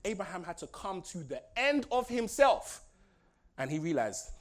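High-voiced guy preaching, super animated, laughing and yelling then going quiet. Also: unhurried, creaky. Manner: animated, laughs often, swings from shouting to soft asides. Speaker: pastor. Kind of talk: lively sermon.

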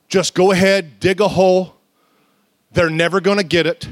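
Standing in a church, a high-pitched male pastor delivers a lively, conversational sermon. He mixes humor and stories with sudden loud outbursts and slowly drawn-out emphasis, and there's no echo.

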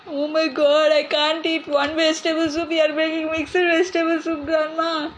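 Brief: woman voicing a very high, whiny, pleading grandchild boy, comedy skit. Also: little pitch movement, normal speed, a little hiss or hum, close to an everyday voice, rough recording. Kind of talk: amateur comedy cooking skit.

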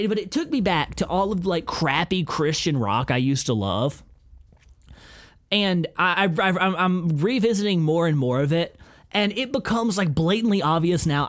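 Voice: mid-range voice, very animated, moderate pace. A podcast host in casual chat, rambling, swearing freely and laughing often.

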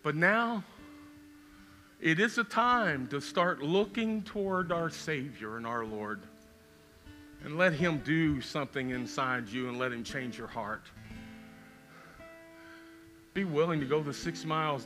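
Middle-aged male pastor, sermon altar call, very bright tone, soft guitar behind. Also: a little high, measured pace. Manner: pleading, repetitive questions, builds to loud calls. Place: church sanctuary.

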